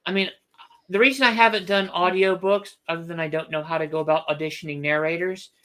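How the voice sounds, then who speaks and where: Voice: medium pitch, fairly even intonation, fast talker, sharp tone, smooth. An author hosting a casual book livestream, thinking aloud with restarts and firm opinions.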